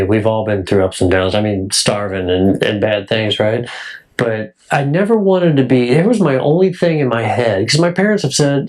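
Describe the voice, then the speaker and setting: Eager man in his sixties chiming in. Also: medium pitch. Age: 60s. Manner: eager, chimes in with agreement and laughs. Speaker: touring rock musician. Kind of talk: casual reminiscing conversation.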